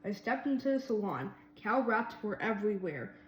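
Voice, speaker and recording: A woman reading a children's storybook aloud in a lively way, doing voices for the mouse characters. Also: mid-range voice, moderate pace, roomy sound, highs cut off, slight background noise. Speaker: reader.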